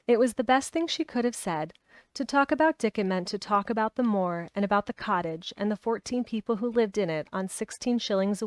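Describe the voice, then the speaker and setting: A woman's voice: medium pitch, no echo. Woman narrator reading a classic aloud, dry close sound. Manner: steady storybook narration with small restarts. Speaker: reader.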